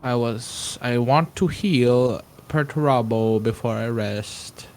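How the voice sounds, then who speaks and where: A man playing a tabletop game over a call, speaking quietly and mumbling little self-deprecating remarks. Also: medium pitch, slow pace. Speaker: player. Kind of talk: casual tabletop chat. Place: home, online voice call.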